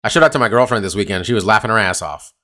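A man's voice: on the low side, lively intonation, very fast, bright, forceful tone. Male podcast co-host, casual, rambly, curses a lot. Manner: rambling, profane, uses lots of fillers. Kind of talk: casual chat. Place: California.

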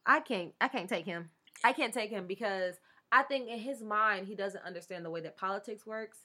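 A woman's voice: mid-range voice, moderate pace, sharp tone. A tipsy woman co-hosting a podcast, ranting sarcastically and profanely in casual political chat. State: tipsy from drinks. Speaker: podcast co-host.

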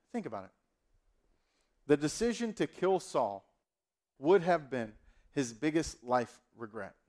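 A male pastor preaching a sermon, addressing listeners directly with rhetorical questions. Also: a little high.

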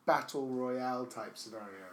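A man's voice: medium pitch, normal speed. A man hosting a comedy podcast, bantering with guests and reading a letter aloud in a mock-solemn tone. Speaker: podcast host.

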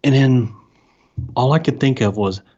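A man spins a casual anecdote on a podcast, landing his jokes dry and deadpan. His pitch is ordinary and middling. The sound is a bit dull and lo-fi. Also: measured pace, breathy edge. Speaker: podcast co-host. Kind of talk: casual storytelling.

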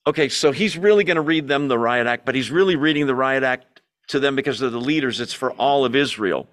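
A man teaches a Bible study in a church meeting room, keeping an animated pace. His voice sits at a plain middle pitch, and he keeps asking his listeners questions, then answering them himself. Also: fairly quick.

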